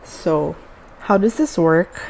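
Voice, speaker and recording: A woman explains things in a relaxed, casual lesson at a writing board, pausing and restarting as she goes. Her voice is mellow and lowish, and she takes her time. A faint room hum sits behind her. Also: creaky, poor audio. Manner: unhurried, hesitant, many fillers and restarts. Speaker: language teacher.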